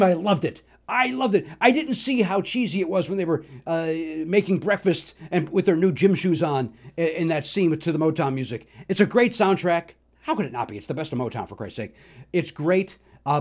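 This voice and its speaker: A middle-aged male comedian hosting his own podcast, telling self-mocking stories about records, with loud bursts and mumbled asides. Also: fairly high pitch. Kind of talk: comic solo monologue about records.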